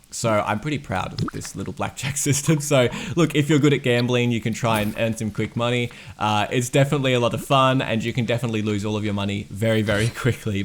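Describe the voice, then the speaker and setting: A man's voice: lowish voice, a little hiss or hum. A game developer, a man, casually walking through his progress in a dev diary, rambling and enthusiastic with lots of fillers.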